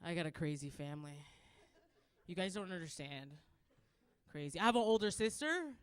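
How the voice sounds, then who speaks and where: A woman performing a stand-up comedy set, rambling and animated, with lots of "like". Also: on the low side, normal speed, clean tone, no echo. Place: comedy club stage.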